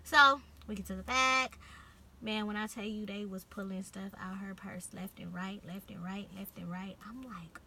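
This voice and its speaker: A young woman with a Californian accent telling a casual storytime vlog, animated, swearing freely and acting out what people said. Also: medium pitch, moderate pace, a little hiss or hum. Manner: animated, swearing, acts out quotes. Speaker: vlogger.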